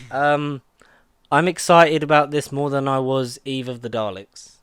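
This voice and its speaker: A man co-hosting a podcast chats casually, rambling with lots of fillers and restarts. His medium-pitched voice is fairly bright and clean, with fairly even intonation and a measured pace. The studio sound is clean, with no room noise.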